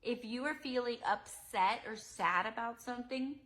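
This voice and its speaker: Bright, sing-song preschool teacher woman. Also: a little high, moderate pace. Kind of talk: demonstration lesson for young children.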